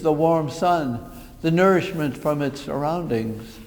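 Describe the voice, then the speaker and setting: Slow, reflective priest in a reverberant church. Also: male voice, fairly high pitch, darkish tone. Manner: slow, reflective, phrase-by-phrase delivery. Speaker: Jesuit priest. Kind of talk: sermon. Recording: long reverb of a large hall.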